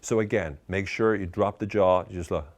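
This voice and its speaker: Deep-voiced man giving a wry lesson. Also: normal speed. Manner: ironic, lively, emphatic delivery. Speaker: speaker teaching communication skills. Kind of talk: tongue-in-cheek lesson to camera.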